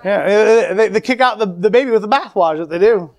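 A man's voice: high-pitched, fast. A man preaching a fervent sermon to a congregation, calling out amen and praise the Lord.

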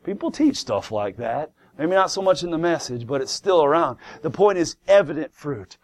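Emphatic preacher with a raised voice. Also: male voice, fairly high pitch, animated, measured pace. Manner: emphatic, rhetorical questions, repeats words. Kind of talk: sermon. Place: church before a congregation.

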